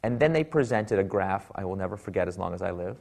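A man's voice: sits low, animated, quick pace, vocal fry, a little mellow. A man speaking at a talk, telling a wry story and acting out the people he quotes. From Silicon Valley, US.

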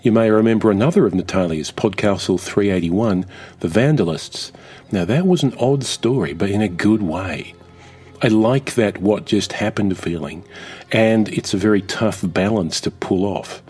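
A man's voice: lowish voice, normal speed, darkish tone, husky, soft background music. A man hosting a fiction podcast, reflecting enthusiastically on the story he just played. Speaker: podcast host. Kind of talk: podcast commentary.

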